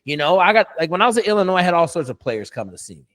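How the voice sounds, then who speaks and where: Man, coach, interview storytelling, blunt, profane, emphatic, slightly high pitch. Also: big pitch swings, very fast, fairly bright tone.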